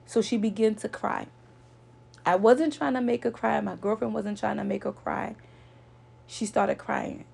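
Woman vlogging a story, gravelly fry in her voice, earnest and preachy, says things twice. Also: mid-range voice, fairly even intonation, measured pace, a little mellow. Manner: earnest, lecturing, repeats points for emphasis. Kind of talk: casual storytelling to viewers.

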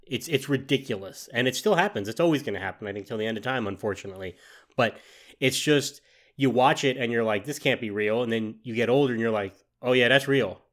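A man co-hosting a casual podcast, calmly recapping the story of a movie in plain words. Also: medium pitch. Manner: relaxed, plain-spoken, retells scenes. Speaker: podcast co-host. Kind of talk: casual film discussion.

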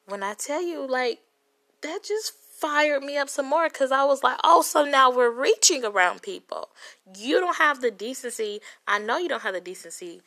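A woman from Compton, angrily retelling a story in a profane, dramatic, animated way. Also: high voice, normal speed. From Compton, California. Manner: profane, heated, dramatic retelling with quoted voices. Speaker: vlogger telling a story.

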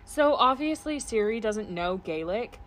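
A woman co-hosting a casual podcast chat, swearing freely and ranting with animated energy. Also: a little high, measured pace, a little hiss or hum. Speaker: podcast co-host.

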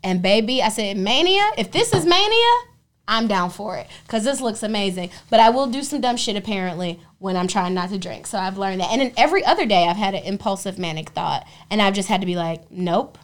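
A young adult woman co-hosting a podcast, telling stories in a lively, profane, casual way. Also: mid-range voice, quick pace, few pauses. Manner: animated, profane storytelling. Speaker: podcast co-host. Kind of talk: casual chat.

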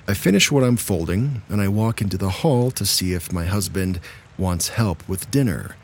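Male story narrator, thirties, low voice, easygoing delivery. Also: unhurried, slight background noise. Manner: relaxed and chatty when speaking to listeners. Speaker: narrator of scary stories. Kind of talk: reading submitted stories aloud.

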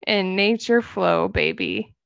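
A woman's voice: medium pitch, huge pitch swings, takes it slowly, gravelly, no room sound, highs cut off. A young woman co-hosting a casual podcast chat, teasing, laughing often and swearing now and then. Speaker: podcast co-host.

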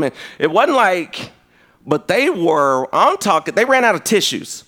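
A man preaching a conversational sermon. He tells stories in an animated way, and his pitch jumps sharply. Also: normal speed.

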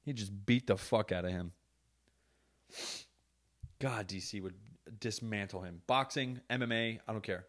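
A man's voice: lowish voice, a little slow, long pauses, a bit bright. Profane joking man ranting on a podcast. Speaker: podcast host. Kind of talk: casual rant. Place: podcast studio.

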